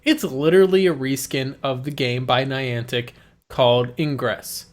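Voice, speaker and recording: A man hosting a casual gaming podcast, talking in an animated way, swearing freely and laughing as he talks. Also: mid-range voice, a little slow. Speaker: podcast host.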